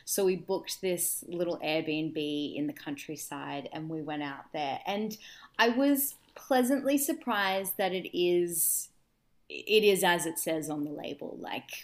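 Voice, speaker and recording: A woman's voice: lowish voice, takes it slowly. Wry young woman telling a story. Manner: animated storyteller, wry asides. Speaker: podcast co-host. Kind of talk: casual chat.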